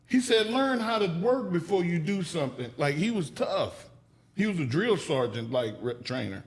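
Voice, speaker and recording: A man's voice: fairly high pitch, moderate pace. A man telling stories as a podcast guest, casual and profane, acting out the people he quotes. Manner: animated, acts out quoted people with raised voice. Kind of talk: storytelling in a podcast interview.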